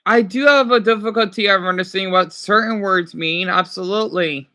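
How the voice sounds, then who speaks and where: A man's voice: high-pitched, brisk, bright, forceful tone. A man streaming casually, reading quiz questions aloud and reacting with exclamations while he talks back to his chat.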